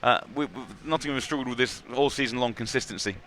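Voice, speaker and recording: A man calling live American football play-by-play, brisk and excitable at big plays. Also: medium pitch. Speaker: play-by-play commentator. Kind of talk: live sports commentary.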